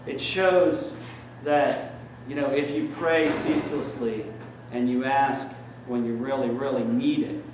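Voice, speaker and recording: With fairly even intonation and a measured pace, a medium-pitched man gives a sermon as a priest, telling conversational stories packed with fillers. Background noise is present, and the far-off mic picks up the church's echo.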